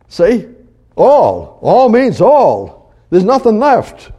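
Male preacher, high voice, animated sermon delivery with loud exhortations and quiet asides, halting restarts. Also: slightly rough. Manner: animated, swings between loud exhortation and hushed low asides; halting restarts and repeated words.

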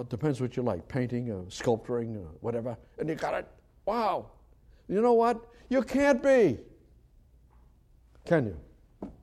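An older man preaching a sermon with great feeling, swinging from loud, high passages to soft, quiet prayer.

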